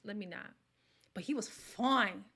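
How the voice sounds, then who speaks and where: Her medium-pitched voice is creaky yet bright, with a forceful tone and a measured pace. Reacting to a reality show on her livestream, she chats casually, reads comments from viewers aloud, and whispers asides now and then.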